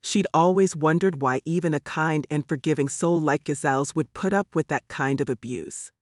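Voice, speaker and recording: A man narrating a story in a measured, storytelling manner, lightly voicing the characters. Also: on the high side, no echo, clean studio sound. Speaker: audiobook narrator. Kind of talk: scripted narration.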